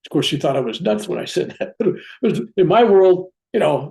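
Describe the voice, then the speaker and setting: A reverend telling a personal spiritual story, acting out what people said along the way. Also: male voice, on the high side, brisk, few pauses. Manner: animated, acts out dialogue in his own voice. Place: room at home with a bookcase.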